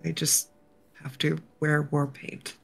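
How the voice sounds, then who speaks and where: A woman playing her character in a tabletop role-play game, speaking in a gentle, measured, earnest way. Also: low voice, flat delivery, creaky. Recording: faint music behind.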